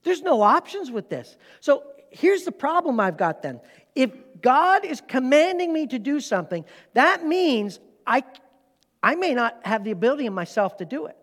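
Man, middle-aged, pastor, sermon, high voice, emphatic, conversational, reverberant hall. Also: sing-song, moderate pace, a bit bright. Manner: emphatic, conversational, rising to strong stress. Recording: long reverb of a large hall.

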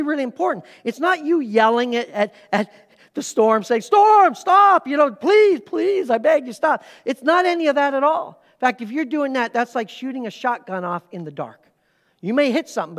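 A man pastor preaching a sermon, emphatic, swinging between loud urgent lines and hushed asides. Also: high voice. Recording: hall reverb.

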